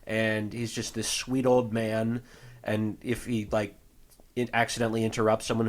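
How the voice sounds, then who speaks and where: A man's voice: on the low side, little pitch movement, moderate pace. An American man co-hosting a podcast, talking casually and rambling with plenty of fillers and restarts. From United States. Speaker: podcast co-host. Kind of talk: casual chat.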